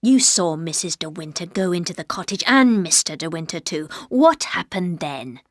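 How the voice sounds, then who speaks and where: A woman voicing a sneering, spiteful middle-aged man with a lowered voice in an audiobook read. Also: lively intonation, moderate pace, no echo, clean studio sound.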